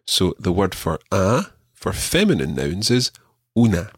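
A man teaching a radio language lesson, patient and encouraging, repeating words slowly for the learner. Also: deep voice, sing-song, slightly rough, dry recording, studio quality.

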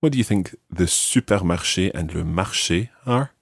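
A man hosting a language-learning podcast, teaching patiently and modelling words clearly for the listener. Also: low voice, expressive, normal speed, no room sound. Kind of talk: language lesson with an ad read.

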